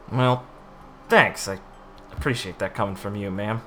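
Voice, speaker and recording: A man's voice: on the low side, a bit bright, a little hiss or hum. A man talking casually in character as a player in a tabletop game, laughing often and easily flustered. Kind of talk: casual in-character role-play.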